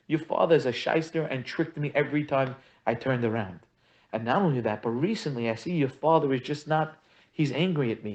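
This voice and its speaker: Male rabbi, expressive teacher, plays out conversations, repeats for emphasis; muffled lo-fi recording. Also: a little high. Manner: expressive, acts out quoted conversations, repetitive emphatic phrasing. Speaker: rabbi teaching a marriage course. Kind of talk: animated Torah lesson with acted-out dialogue. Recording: dull lo-fi audio.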